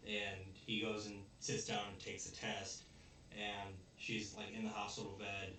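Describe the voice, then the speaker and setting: A man's voice: on the low side, completely flat delivery, unhurried, sharp tone, a little hiss or hum. A young man casually rambling through a cartoon plot recap as a podcast host, full of fillers. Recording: echoey room, distant mic.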